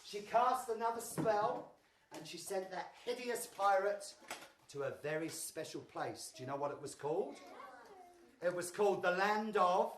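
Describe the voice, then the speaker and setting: A woman performing a live storytelling show for young children, animated, making sound effects and getting the audience to join in. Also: medium pitch, normal speed. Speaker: children's entertainer. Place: large hall with a live audience. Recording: echoey hall, far mic, crowd noise.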